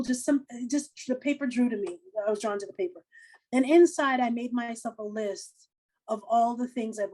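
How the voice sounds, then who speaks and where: A middle-aged woman, a comedian and laughter yoga teacher, giving casual animated advice full of quoted asides. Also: fairly high pitch, low-quality recording.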